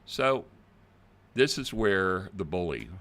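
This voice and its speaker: An older man hosting a casual video, plain-spoken and animated, talking directly to his viewers. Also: sits low, slow. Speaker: channel host.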